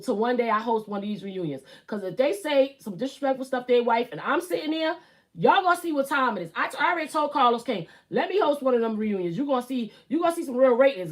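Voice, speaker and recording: A woman in her thirties with a Brooklyn accent, hosting a casual live stream and talking bluntly, with swearing and emphatic repeats. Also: fairly high pitch. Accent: Brooklyn New York. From Brooklyn, New York. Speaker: YouTube live host.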